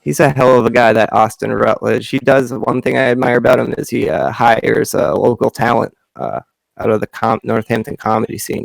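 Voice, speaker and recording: Gravelly-voiced man with a Western Massachusetts accent. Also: mid-range voice, brisk, no echo. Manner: joking, rambling, wry asides. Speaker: podcast co-host. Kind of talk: casual comedy podcast chat.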